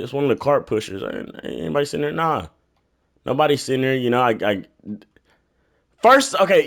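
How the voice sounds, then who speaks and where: Animated, profane young man ranting. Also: medium pitch. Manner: animated, profane, exasperated, bursts into yelling. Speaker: storyteller. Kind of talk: comedic rant storytelling.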